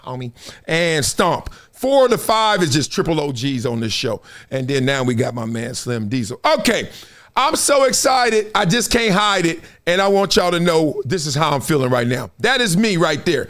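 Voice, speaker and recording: Lively, high-voiced storytelling man from Compton. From Compton, Los Angeles. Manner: storytelling, slangy, acts out others' voices. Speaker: host. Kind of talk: animated solo livestream talk.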